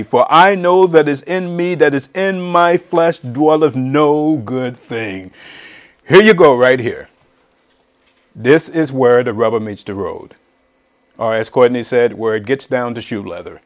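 Lively, folksy male preacher. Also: on the high side. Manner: folksy, preacherly, rising to emphatic shouts. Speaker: pastor. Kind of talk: sermon.

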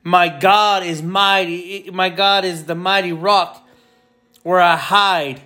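A man's voice: high-pitched, fairly even intonation, takes it slowly, bright, forceful tone, soft background music. A man preaching a sermon with fervor, repeating phrases and building in intensity. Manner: fervent, repetitive, builds in intensity.

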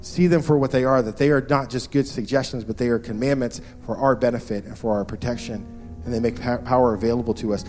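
A man's voice: medium pitch, fairly even intonation, fast, a little mellow, soft background music. A man in his thirties preaching a sermon as pastor, earnest and repeating key phrases for emphasis.

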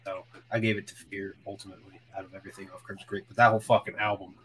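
A man's voice: low-pitched, little pitch movement, racing, fairly bright tone. A man co-hosting a podcast, chatting casually about albums, enthusiastic and swearing freely, often trailing off. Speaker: podcast co-host. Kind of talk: casual chat reviewing music.

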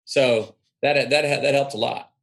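With vocal fry and a fairly bright mid-range voice, a Texan speaks at a measured pace and fairly even intonation. As an interview guest, he reflects in a drawl while telling stories and acting out quoted voices.

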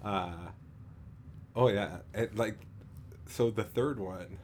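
In a lowish, slightly mellow voice, a man co-hosts a casual podcast chat, meandering with lots of fillers, restarts, and halting pauses, and laughing a lot. The audio has a little hiss or hum.

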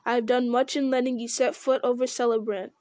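A woman's voice: a little high, level tone, darkish tone, no echo, lightly acted. A woman reading aloud the lines of a stern, grave male elf guard. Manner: stern, measured.

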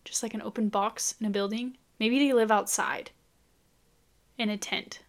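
A young woman talks straight to her viewers in a loose, chatty vlog. Her voice sits a little higher than most, and she keeps firing off baffled rhetorical questions with a disbelieving edge. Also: steady tone, moderate pace. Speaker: vlogger. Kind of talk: casual chat to camera.

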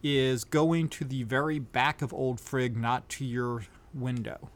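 Acting as game master for a tabletop game, a man narrates in an easygoing way and thinks aloud with fillers. His voice sits at medium pitch with fairly even intonation and a slow pace.

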